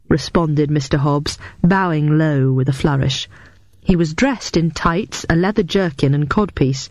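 Slow, measured audiobook narrator. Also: mid-range voice, darkish tone, dry recording.

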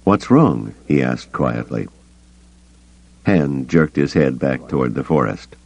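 Deep-voiced man reading an audiobook. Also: unhurried, vocal fry, dry recording. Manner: expressive reading, voicing characters. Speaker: audiobook reader. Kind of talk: scripted narration. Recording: dull lo-fi cassette tape.

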